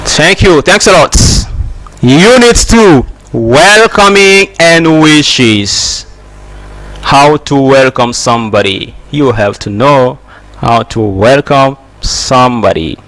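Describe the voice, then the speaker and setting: Slow man teaching phrases. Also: mid-range voice, expressive, fairly bright tone, poor audio. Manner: slow, repeats example phrases one by one. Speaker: English teacher. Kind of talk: slow spoken English lesson.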